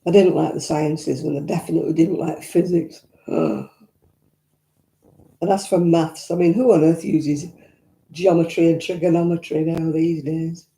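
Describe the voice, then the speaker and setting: At home in an echoey room, an older vlog host from Northern England speaks at normal speed in a low, warm, creaky voice with a steady tone. She chats casually, reminiscing, answering viewer comments, and offering blunt asides.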